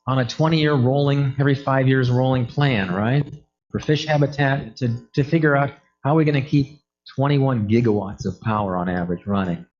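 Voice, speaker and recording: A man delivers a conference talk in a conversational way, now and then slipping into quick quoted exchanges. His voice sits at an ordinary middle pitch. The audio is a little dull and muffled. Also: a little mellow. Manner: conversational, acts out quoted phone calls. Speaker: energy efficiency product manager giving a talk.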